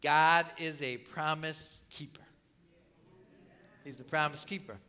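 A man's voice: a little high, steady tone, slow, pauses often, bright, forceful tone, clean tone. A man preaching a sermon in a conversational way, with rhetorical questions and asides to the congregation. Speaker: pastor.

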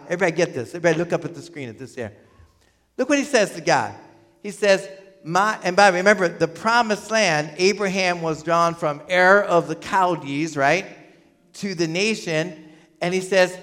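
Animated high-voiced male pastor preaching. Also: normal speed. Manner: animated, rising to emphatic peaks and dropping to quiet asides. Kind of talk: sermon. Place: church hall. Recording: hall reverb.

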